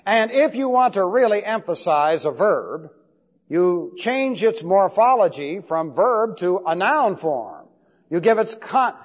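High-voiced man lecturing in a reverberant hall. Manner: emphatic, repeats and spells out key words. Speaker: Bible teacher. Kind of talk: classroom lecture on Greek grammar. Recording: dull lo-fi recording with long hall reverb.

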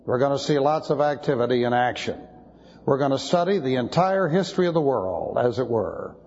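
A man's voice: medium pitch, animated, fairly quick, a little mellow, breathy edge. A man teaching the Bible in a lecture style, emphatic, spelling out Greek words letter by letter. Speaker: pastor. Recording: dull lo-fi tape in a reverberant hall.

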